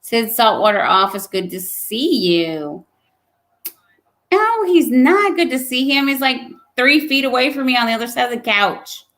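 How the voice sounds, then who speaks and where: A young woman chats casually on a livestream, teasing viewers and laughing often. She speaks at an easy, slow pace. Her voice sits a little high. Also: lively intonation, a bit bright. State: pregnant. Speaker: livestream host reading chat. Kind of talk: casual live chat.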